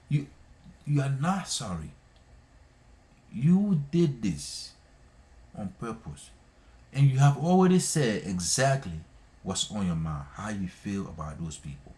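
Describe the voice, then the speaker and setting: A man's voice: fairly low pitch, sing-song, takes it slowly, long pauses, warm tone. A man hosting a live stream, scolding people in an impassioned monologue, repeating himself and hammering his points. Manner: scolding, repetitive, emphatic.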